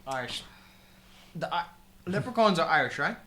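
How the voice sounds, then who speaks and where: A young man co-hosting a podcast, chatting casually with quick, joking interjections. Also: a little high, animated, sharp tone. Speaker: podcast co-host. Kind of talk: casual chat.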